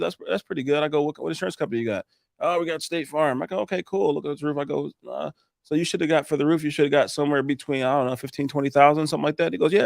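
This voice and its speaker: A man's voice: fairly high pitch, creaky, a little mellow, no echo, studio quality. A man, a roofing contractor telling sales stories in a casual interview, acting out both sides of conversations and swearing freely.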